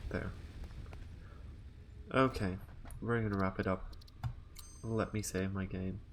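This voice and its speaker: A man's voice: low voice, fairly even intonation, slow pace, a little hiss or hum. Rambling young man streaming a game. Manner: rambling, filler-heavy, thinking aloud. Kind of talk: casual live game-stream chat.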